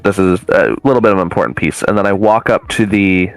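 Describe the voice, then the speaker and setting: A man's voice: sits low, fast, dry recording, soft background music, poor audio. A man, a guest medium, telling a long story in a casual, rambling way with many fillers and restarts.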